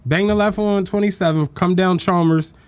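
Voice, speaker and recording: A man's voice: high-pitched, moderate pace, clean tone. A man from Philadelphia co-hosting a podcast, telling profane stories and acting out the voices of the people in them. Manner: animated, profane storytelling, acting out quotes. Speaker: podcast co-host. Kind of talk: casual storytelling chat.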